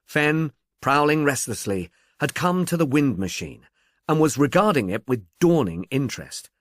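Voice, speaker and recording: A man's voice: a little high, big pitch swings, normal speed, dry recording. Guy narrating a book, wry, voice moves around a lot, dead dry room. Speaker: audiobook narrator. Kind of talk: scripted narration.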